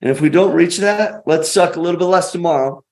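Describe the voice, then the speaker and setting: A man with a fairly high voice tells a story as a podcast guest. He pushes his points hard and fast, with punchy motivational phrasing that swings up and down. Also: a little mellow. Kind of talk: conversational storytelling.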